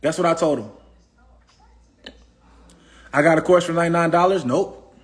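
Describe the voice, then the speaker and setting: Brief: high-pitched man, AAVE, preachy livestream motivational speaker, repeats himself. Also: moderate pace. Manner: preachy, repetitive, asks the audience questions. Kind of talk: casual motivational talk.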